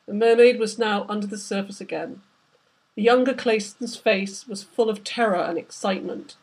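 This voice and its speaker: A woman reads aloud from her own novel in a steady, measured way. Her voice is husky and mid-pitched. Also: low-quality recording. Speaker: author reading her novel. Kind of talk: book reading.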